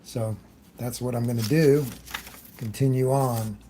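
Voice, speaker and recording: A man's voice: medium pitch, steady tone, unhurried, mellow, slight background noise. A man hosting a live airbrush demonstration, chatting loosely as he works, greeting viewers and often trailing off mid-thought. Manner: talks while working, trailing off often. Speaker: airbrush artist hosting a livestream.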